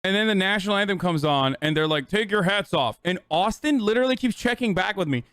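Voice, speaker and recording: Profane, rambling male streamer, high-pitched. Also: lively intonation, fast, fairly bright tone, clean tone, no room sound. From United States. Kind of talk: casual livestream storytelling.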